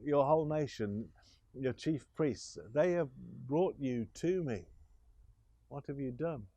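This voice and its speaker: A man reads as a stern Roman governor, his questions raised and insistent and a little higher than his narrating voice. He speaks slowly and deliberately in a dry, close sound. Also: mellow, no echo. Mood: pressing.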